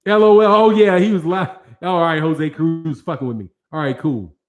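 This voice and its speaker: A man with a fairly high voice hosts a boxing livestream, answering his viewers' chat as it comes in. He talks loose and slangy and swears freely, speaking straight into a studio mic. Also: normal speed, music in the background. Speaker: boxing channel host. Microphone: studio microphone with several cameras.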